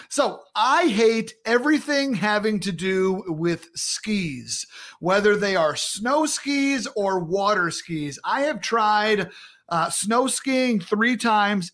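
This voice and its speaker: A man's voice: high voice, animated, slow pace, a bit bright. A male podcast host in casual chat, upbeat and chatty, laughing often.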